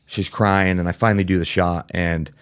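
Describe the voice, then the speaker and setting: A man's voice: deep voice, fairly even intonation, normal speed, clean tone, no echo, studio quality. A man as a podcast guest, telling his story candidly and casually, with plenty of fillers and the odd swear word.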